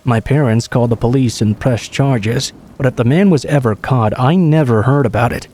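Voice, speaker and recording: A man calmly reading true horror stories aloud as a scripted narration. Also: mid-range voice, moderate pace, slight background noise.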